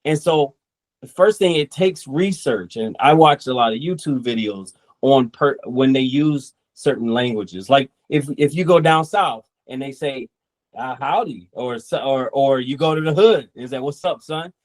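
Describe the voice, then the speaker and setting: Guy talking about his comic, chatty and rambly, average pitch. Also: normal speed. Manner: relaxed, rambling, quotes people in asides. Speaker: comic book creator. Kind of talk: casual interview chat.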